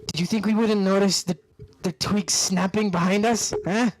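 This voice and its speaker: A man voicing the threatening leader of a wasteland raider gang, loud and taunting. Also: on the high side, measured pace, a little hiss or hum, natural voice. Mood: menacing.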